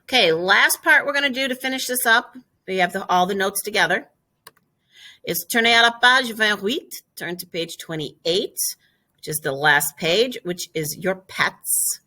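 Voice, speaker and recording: A woman teaching a French vocabulary lesson, explaining step by step and repeating each word slowly and clearly. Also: medium pitch, bright, forceful tone. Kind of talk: classroom lesson video.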